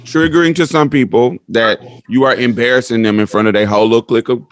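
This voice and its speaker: A man co-hosts a podcast in easy, casual chat. He gives his view frankly and in plain words. His voice is recorded close and dry, with a mid pitch. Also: fast, no echo. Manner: chatty, frank, gives opinions. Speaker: podcast co-host.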